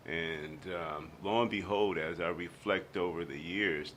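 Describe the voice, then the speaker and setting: A man's voice: low-pitched, unhurried, slight background noise. A man being interviewed on a radio show, telling personal stories and acting out the people in them. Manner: animated storyteller, acts out quotes. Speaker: guest.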